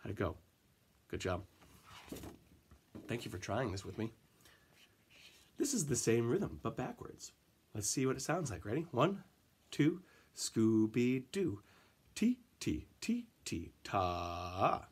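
A man teaching a music lesson to children, counting in and chanting rhythm syllables with gentle encouragement. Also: mid-range voice, big pitch swings, slow, long pauses, breathy edge.

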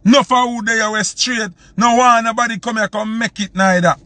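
A man's voice: high-pitched, fairly even intonation, normal speed, sharp tone, no room sound. A man from Jamaica with a Jamaican accent, hosting a live stream and ranting heatedly, repeating his points for emphasis. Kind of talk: live-stream commentary rant.

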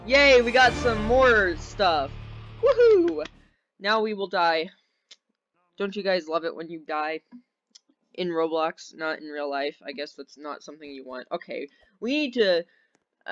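Young man, gameplay commentary, rambling and excitable, high voice, muffled lo-fi audio. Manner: rambling, giggly, easily excited. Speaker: gaming video host. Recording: dull lo-fi sound.

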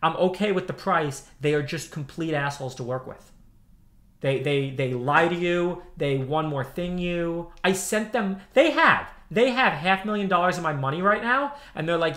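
A man's voice: high-pitched, lively intonation, normal speed, fairly bright tone. A man in his thirties ranting on a livestream, heated and profane, repeating himself as he answers chat. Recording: roomy echo.

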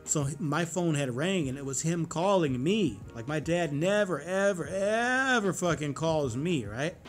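A man's voice: on the high side, expressive, a little slow, faint music behind. A man in his forties vlogging in a casual, rambling monologue, cursing freely and getting heated. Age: 40s.

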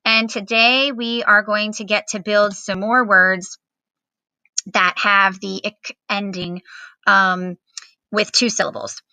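A woman's voice: mid-range voice, little pitch movement, takes it slowly, pushed and bright, dry recording, poor audio. A woman teacher giving a recorded phonics lesson to children at home, patiently spelling out words with fillers.

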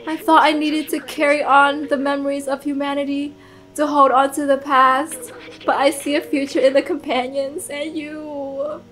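A woman's voice: high voice, flat delivery, moderate pace, fairly bright tone, soft background music, low-quality recording. A woman reading aloud the lines of a small, loyal, self-sacrificing robot drone companion from a game, in her own voice. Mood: tender.

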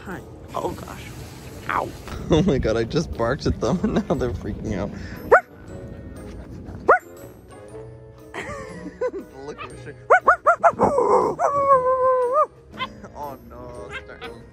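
A man hosting a casual vlog, playful and animated as he chats to his puppies. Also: medium pitch, normal speed. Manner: animated, playful, baby-talks to dogs. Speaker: vlogger host. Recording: vlog with background music.

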